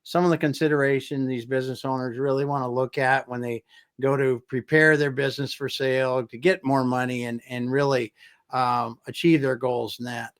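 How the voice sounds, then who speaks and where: A man's voice: mid-range voice, flat delivery, moderate pace, smooth. A man hosting an interview show, thanking his guest and listeners with short, friendly affirmations. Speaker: show host.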